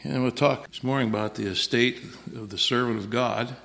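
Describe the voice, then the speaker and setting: A man's voice: mid-range voice, fairly even intonation, moderate pace, gravelly, a bit bright, big-room sound. A man preaching a sermon in a folksy, repetitive way, dropping in frequent amens.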